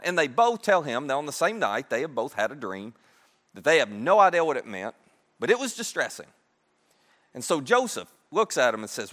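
A man's voice: fairly high pitch, very animated, brisk, fairly bright tone. Guy preaching, storytelling, doing the characters' lines, voice jumps all over, big church echo. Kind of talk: sermon retelling a Bible story.

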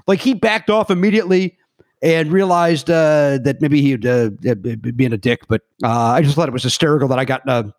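A middle-aged podcast guest, recorded on a remote podcast mic, tells rambling stories in a casual chat, stumbling, correcting himself and acting out quotes with gusto. His voice is fairly high and brisk, with no echo.

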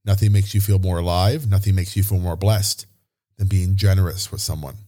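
A man with a somewhat low voice tells a personal story as a podcast host. He speaks earnestly and from the heart, with his emotions close to the surface. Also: steady tone, fairly quick, dark tone.

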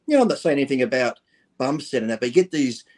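A man's voice: mid-range voice, expressive, racing, darkish tone. A man talking bluntly and profanely as a guest in a casual podcast chat. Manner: blunt and profane, speaks his mind.

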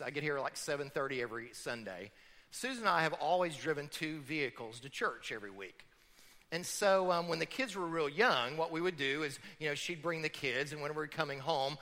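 High, animated middle-aged pastor preaching. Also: male voice. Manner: emphatic preaching with rhetorical questions. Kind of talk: sermon. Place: church sanctuary. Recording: long church hall reverb.

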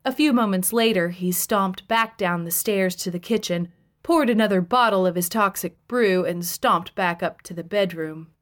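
Woman narrator, memoir audiobook, dry deadpan wit, middle pitch. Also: moderate pace.

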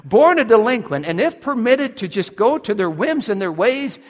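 Lively high-voiced male preacher. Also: normal speed, big-room sound. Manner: emphatic preaching, rising on key words. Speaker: pastor. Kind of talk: sermon.

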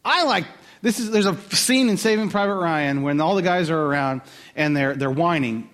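Animated man preaching a sermon. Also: a little high. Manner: conversational, animated preaching with quick asides. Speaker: pastor.

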